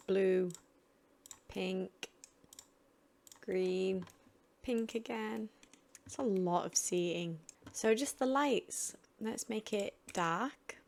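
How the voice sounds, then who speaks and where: A woman's voice: medium pitch, creaky. A woman chatting casually as she narrates building in a video game, thinking aloud about each choice. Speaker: gaming channel host.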